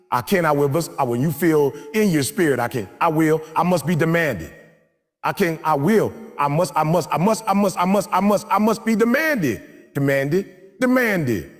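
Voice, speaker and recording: A man giving a live motivational speech to a crowd in a large hall, preaching and leading the audience in call-and-response chants. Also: fairly high pitch. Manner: forceful, repetitive exhortation. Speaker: motivational speaker. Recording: long hall reverb with faint music.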